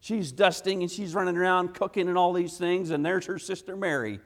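A man's voice: high voice, fairly quick. Emphatic folksy male preacher. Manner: emphatic, rhetorical questions, frequent "hey" interjections; folksy, drops into "gotta" and "ain't". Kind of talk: evening church sermon. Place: church sanctuary. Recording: long reverb of a church hall.

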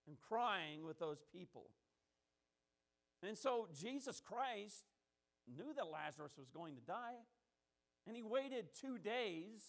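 A man preaching a sermon, repeating phrases for emphasis and drawing out key words as he builds. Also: high voice.

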